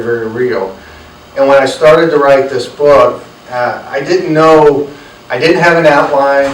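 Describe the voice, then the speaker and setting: An author from North Carolina tells earnest stories to a live audience, acting out the dialogue he quotes. His mid-range voice carries a little hiss or hum, and the recording sounds roomy, picked up by a distant mic.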